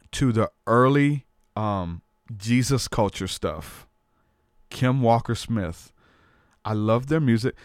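A man's voice: mid-range voice, dry recording, clean studio sound. A man hosting a podcast, telling a personal faith testimony in casual talk, earnest and storytelling, often saying "man". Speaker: podcast host.

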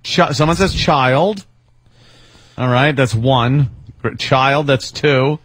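A man's voice: mid-range voice, takes it slowly, fairly bright tone. A man hosting a talk radio show, teasing his guests in casual banter. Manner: teasing, sarcastic.

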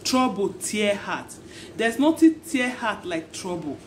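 A woman's voice: medium pitch, sing-song, slow, a little hiss or hum. A woman with a Nigerian accent giving marriage advice in an impassioned, repetitive, pleading monologue.

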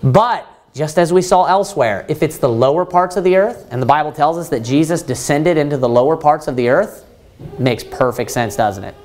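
A man's voice: on the high side, lively intonation, moderate pace, a little mellow. A man preaching a sermon, emphatic, asking the congregation rhetorical questions and answering them himself, quoting scripture in old-fashioned wording.

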